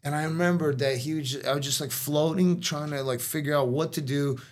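A man's voice: on the high side, steady tone, a little fast. Rambling middle-aged man, coughing at times. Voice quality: coughing now and then. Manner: rambling, lots of "like" and "you know", restarts. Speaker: guest telling a story. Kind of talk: casual storytelling chat.

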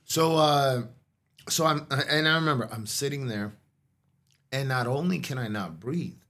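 A man's voice: mid-range voice, lively intonation, a little slow, pushed and bright. Rambling middle-aged man, coughing at times. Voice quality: coughing now and then. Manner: rambling, lots of "like" and "you know", restarts. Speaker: guest telling a story. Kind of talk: casual storytelling chat.

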